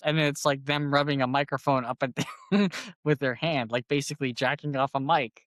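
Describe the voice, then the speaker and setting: A man of middle pitch, hosting a comedy podcast. He tells stories in a loose, casual way and often breaks into laughter. The sound is dry and close, with no room around it. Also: fairly quick, no echo. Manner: animated storytelling, laughs often.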